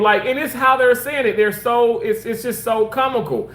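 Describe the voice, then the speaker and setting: A man casually telling personal stories in an animated, rambling way, repeating himself for emphasis. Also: very high-pitched, normal speed, reverberant. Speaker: former hospital surgical worker.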